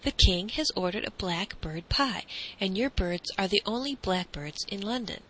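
A woman's voice: mid-range voice, animated, normal speed, fairly bright tone, breathy edge, poor audio. A woman voicing a big, anxious male royal cook in a storybook reading. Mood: perplexed. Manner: anxious, fussy.

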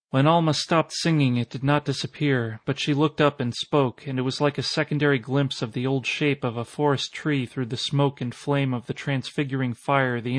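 A man reading a short story aloud in a measured, even narration. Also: mid-range voice. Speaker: audiobook reader. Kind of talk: scripted narration.

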